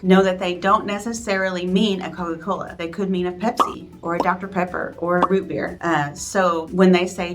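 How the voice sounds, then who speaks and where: A woman's voice: lowish voice, normal speed, few pauses, fairly bright tone. A woman, a real estate agent talking through casual advice for newcomers in a friendly, chatty way with self-deprecating asides. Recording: faint background music.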